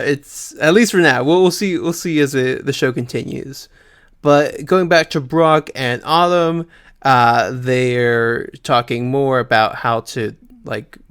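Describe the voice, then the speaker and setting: A man's voice: medium pitch, a bit bright, clean tone. A man co-hosting a podcast, chatting casually through an episode recap with frequent laughs and many fillers. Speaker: podcast co-host.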